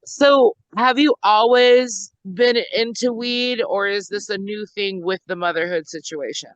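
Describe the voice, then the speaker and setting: A woman's voice: mid-range voice, a little slow, no echo, muffled recording. A woman hosting a podcast, talking in an easygoing, reflective way and putting questions to her guest. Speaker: podcast host. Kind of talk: casual chat.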